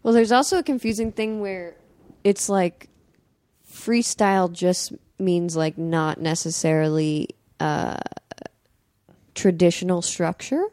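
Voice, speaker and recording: Woman comic talking beatboxing, mellow low voice, dry close sound, swears a lot. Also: fairly even intonation, no room sound. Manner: fast, profane, lots of "like". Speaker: comedian and beatboxer guest. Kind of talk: casual podcast chat.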